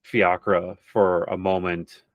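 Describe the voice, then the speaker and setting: A man narrates a tabletop game as game master, pausing often with fillers. His voice is very low and his pace slow. The sound is close and dry. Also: level tone, dry recording, narrow, tinny audio. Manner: slow, halting, many fillers.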